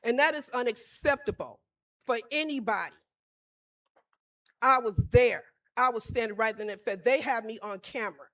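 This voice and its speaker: A woman addressing a school board during public comment, her tone insistent and pleading. Her voice is slightly high. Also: moderate pace, long pauses, a bit bright. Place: school board meeting room.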